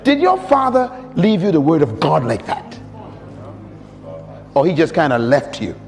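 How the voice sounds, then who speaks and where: A middle-aged man preaching a sermon in call-and-response style, building to high emphatic peaks. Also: huge pitch swings, measured pace. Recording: long hall reverb with faint music.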